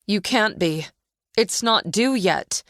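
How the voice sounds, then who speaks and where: A woman's voice: medium pitch, animated, slow, fairly bright tone, dry recording, clean studio sound, pitched above the performer's own voice. A woman voicing a tense former actress who is losing control, speaking in a strained, anxious way. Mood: panicked.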